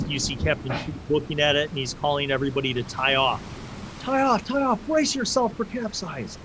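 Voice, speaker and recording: A man runs a tabletop adventure as game master, painting scenes in loose, vivid descriptions. His voice sits at an everyday middle pitch. Faint noise hums in the background. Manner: vivid, loose descriptions that act out side characters.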